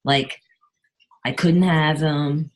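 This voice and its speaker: Middle-aged woman on a bad video call line, hesitant, keeps clearing her throat. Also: low-pitched, fairly even intonation, extremely slow. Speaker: caller. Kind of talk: personal sharing on a group call. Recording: poor call audio.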